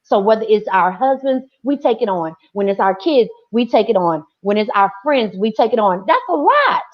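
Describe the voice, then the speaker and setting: Woman, forties, panel discussion, animated storytelling, dull sound. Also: medium pitch, moderate pace. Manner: animated storytelling with quoted voices.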